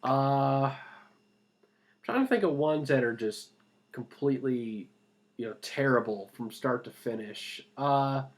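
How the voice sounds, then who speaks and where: A man's voice: mid-range voice, expressive, slow pace. A man answering viewer questions in a casual vlog, rambling with lots of fillers and restarts, while he is ill. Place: at home with cats.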